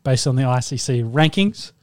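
A man's voice: mid-range voice, expressive, normal speed. A man co-hosting a casual podcast, recapping results and steering the talk with fillers. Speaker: podcast co-host. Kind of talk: casual chat.

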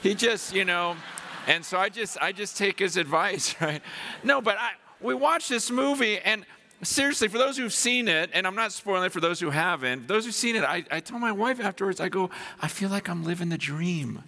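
A man preaching a sermon, excited and effusive, repeating himself as he speaks. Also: high-pitched, moderate pace. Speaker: pastor.

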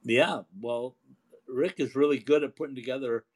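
A man's voice: mid-range voice, moderate pace. A man co-hosting a casual hockey talk show, chatty and laughing as he tells stories. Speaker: hockey broadcaster, co-host.

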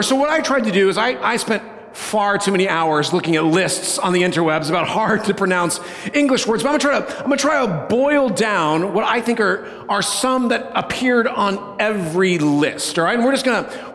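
High-voiced pastor in an echoing hall. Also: male voice, animated, normal speed, fairly bright tone. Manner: playful, conversational, often asks "right?". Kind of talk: sermon.

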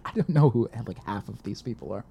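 A young man co-hosting a casual chat, complaining in a profane, exasperated, animated way. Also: lowish voice, a little fast, creaky, breathy edge. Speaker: podcast co-host. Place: lives in Midtown Manhattan.

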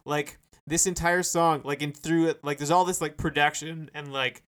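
A man's voice: a little high, fairly even intonation, normal speed, fairly bright tone. A man co-hosting a casual music podcast, rambling with lots of fillers and restarts. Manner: rambling, hesitant, many fillers. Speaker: podcast co-host. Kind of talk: casual chat.

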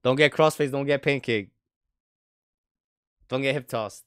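A young man hosting a podcast jokes loosely and laughs often in casual chat. His voice is smooth and mid-pitched, recorded dry and close. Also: a little slow, no echo. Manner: joking, laughs often, loud speaker. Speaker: podcast host.

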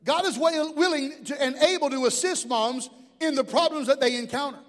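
Man preaching in church, very high voice, middle-aged, impassioned, long hall echo. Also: moderate pace, fairly bright tone. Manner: impassioned preaching with call-and-response asides. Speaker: pastor. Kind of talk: sermon. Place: church sanctuary.

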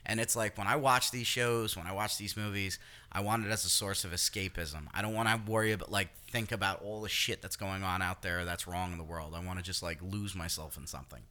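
Casual podcast co-host, male, a very bright ringing voice, slightly low pitch, loose and rambling. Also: steady tone, brisk. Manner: rambling, laughs and does silly voices. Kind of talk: casual chat.

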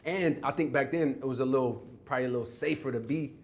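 Man telling a childhood story with animated energy. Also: medium pitch, fast talker. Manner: animated, acts out quoted voices, restarts often. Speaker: interview guest. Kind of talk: storytelling in an interview.

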